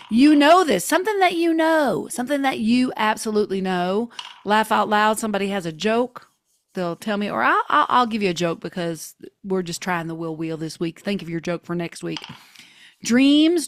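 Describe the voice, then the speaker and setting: A woman's voice: medium pitch, normal speed, a little hiss or hum. A woman hosting an online creativity workshop over a video call, talking in an enthusiastic, playful way. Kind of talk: playful online group session.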